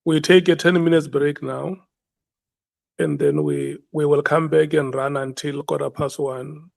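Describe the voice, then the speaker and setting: A man's voice: on the high side, lively intonation, measured pace, vocal fry, no room sound. A man chairing a parliamentary hearing, hesitant and often repeating words as he restarts. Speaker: committee chair.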